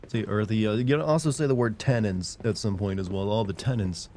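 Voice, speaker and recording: A man's voice: on the low side, a little fast, darkish tone, slight background noise. A young man streaming a video game, joking and rambling in a casual, playfully mocking way. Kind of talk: casual live-stream commentary.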